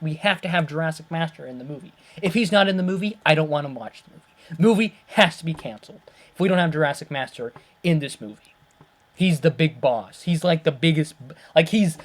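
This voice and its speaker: Gushing man with fast squeaky outbursts. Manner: gushing, rambling with restarts, jumps to high squeals when excited. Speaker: gaming video creator. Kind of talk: casual gaming commentary.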